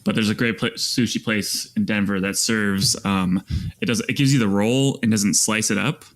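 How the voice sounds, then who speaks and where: A man with a low voice chats easily as a podcast co-host. He rambles, uses slang, and loses track of names as he talks. His tone is relaxed and offhand. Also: moderate pace. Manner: laid-back, rambling, fillers and slang. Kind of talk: casual chat.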